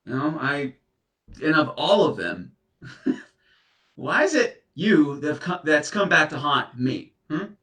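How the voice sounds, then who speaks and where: A guilt-ridden heartbreaker, played by a man stammers and flusters through apologies in a comedy sketch, speaking slowly with big swoops in pitch. His bright voice sounds distant, in an echoey room. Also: sing-song, heavily acted. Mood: flustered. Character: guilt-ridden serial dumper facing an ex's ghost.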